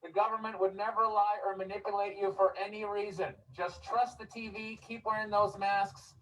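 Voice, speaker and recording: High-voiced sarcastic man on the street. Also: normal speed, a little hiss or hum. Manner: deadpan sarcastic, repetitive exhortations. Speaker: street comedian. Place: outdoors on a city street. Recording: distant outdoor street recording.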